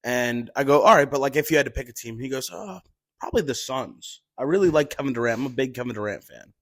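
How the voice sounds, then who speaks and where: A man telling stories in casual chat, animated, swearing and laughing as he goes. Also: mid-range voice, fast talker, no echo. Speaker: podcast guest telling stories.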